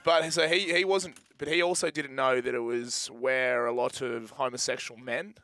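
A man's voice: mid-range voice, steady tone, bright, forceful tone, no room sound. Chatty man with a dry sound. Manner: chatty, quick to laugh. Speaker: radio co-host. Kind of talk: casual banter.

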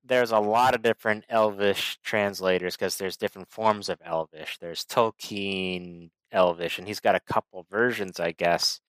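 A man with a smooth, fairly low voice, talking in a measured, thoughtful way and asking his co-host questions. The sound is dry and close, without any room echo. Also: steady tone, a bit bright. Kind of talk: casual chat.

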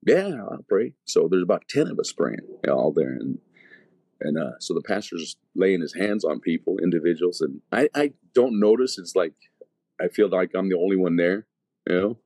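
A man's voice: low voice, expressive, normal speed, warm tone, no echo. A man, an evangelist, telling his conversion testimony in casual, slangy talk full of fillers and restarts.

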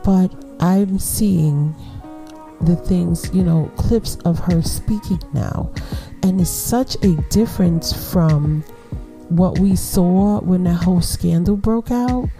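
A woman's voice: lowish voice, takes it slowly, mellow, faint music behind. A middle-aged woman hosting a podcast, giving casual, slangy advice and laughing often as she talks. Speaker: podcast host.

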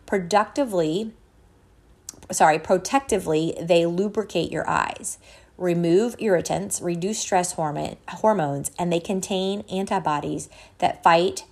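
A woman podcast host reading an article aloud in a measured way, stopping now and then to correct her own slips. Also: on the low side, darkish tone.

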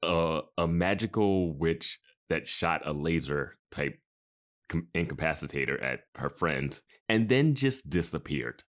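Podcast co-host, very deep voice, lively inflection, jokey. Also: male voice, a little slow. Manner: joking, laughs often. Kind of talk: casual chat.

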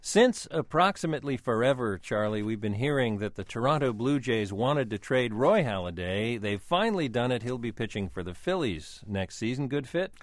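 A man's voice: mid-range voice, animated, moderate pace, hardly any pauses, no echo. A man hosting a sports radio segment, reading news items with wry asides in a radio studio. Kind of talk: scripted news items with banter.

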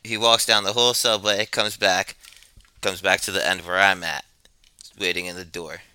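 A man's voice: deep voice, steady tone, normal speed, sharp tone, clear, resonant tone, no echo. A man telling a long story in a rambling, laid-back, profane way, as a podcast co-host. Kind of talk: casual storytelling. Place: New York.

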